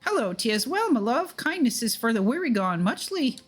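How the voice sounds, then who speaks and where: A woman's voice: a little high, very animated, moderate pace, husky, faint music behind, pitched above the performer's own voice. Woman doing a lilting faux-Irish fairy godmother. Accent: put-on Irish. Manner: sing-song, mangled archaic phrasing. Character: bubbly fairy godmother woman, garbled lilt.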